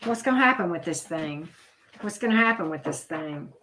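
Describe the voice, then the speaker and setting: A woman's voice: fairly low pitch, expressive, moderate pace, sharp tone, a little hiss or hum. A middle-aged woman doing a live tarot reading, chatty and blunt, talking straight to her viewers. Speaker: tarot reader. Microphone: video camera.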